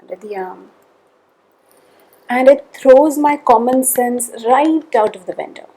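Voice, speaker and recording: Tapping guide, female, unhurried delivery, husky tone, measured calls between statements. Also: high-pitched, mellow, low-quality recording.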